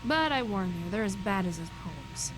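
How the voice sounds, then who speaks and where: A woman's voice: medium pitch, animated, normal speed, natural voice, rough recording. Woman voicing an earnest, hesitant young woman. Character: young woman worried about her estranged mother. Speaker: game character. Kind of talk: voiced game dialogue. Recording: game audio with loud music. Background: game music.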